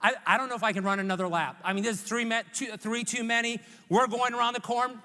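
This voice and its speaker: A man from Hawaii giving a humorous commencement speech in a large church hall, telling a story in an animated, self-mocking way and voicing his own thoughts. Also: extremely high pitch, quick pace. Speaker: commencement speaker. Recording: echoey recording in a large hall.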